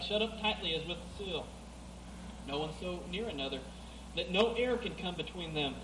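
A man preaching a sermon, reading scripture aloud, swinging between loud emphatic passages and quieter asides. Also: sits high, expressive, moderate pace. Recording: echoey room with clear background noise.

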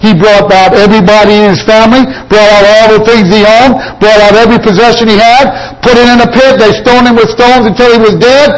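A man's voice: high-pitched, flat delivery, brisk, hardly any pauses, low-quality recording. A man preaching a sermon, emphatic and repetitive, quoting scripture and retelling stories.

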